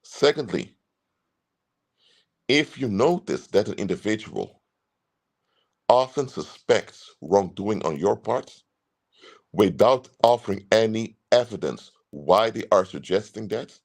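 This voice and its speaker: A man's voice: lowish voice, lively intonation, slow pace, long pauses. A man speaking as a consultant, giving earnest, emphatic advice and repeating his key points. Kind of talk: advice talk to camera.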